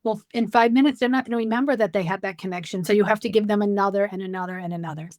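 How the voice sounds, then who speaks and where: A middle-aged woman, a dementia care expert, telling stories in a lively conversational way and acting out the dialogue. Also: medium pitch, very fast, dry recording, studio quality. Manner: storytelling, animated, acts out dialogue. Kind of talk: conversational podcast interview.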